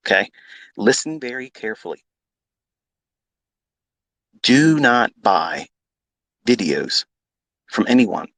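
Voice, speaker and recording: A man's voice: mid-range voice, fairly bright tone, no room sound, poor audio. Blunt, profane man, dry close sound. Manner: blunt, combative, swears freely, repeats himself for emphasis. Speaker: trading educator on a live audio space. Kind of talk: unscripted profane rant.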